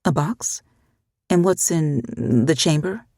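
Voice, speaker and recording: A reader doing a wary young woman left behind in an emptied town, answering in careful, hesitant lines. The voice is husky and sits close on a dry mic. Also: mid-range voice, slow pace, a little mellow, no echo. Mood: guarded. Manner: hesitant, guarded replies. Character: young woman staying in an evacuated town, anxious.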